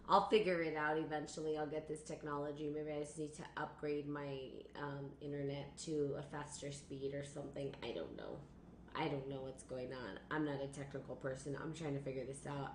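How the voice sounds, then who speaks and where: A woman with a fairly low voice hosts a spiritual live stream, circling back over her own phrases as she talks. The sound is echoey, as if from a bare room, with a faint hiss behind her. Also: normal speed. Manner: rambling, repeats phrases, laughs, greets viewers. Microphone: computer or phone on a live stream.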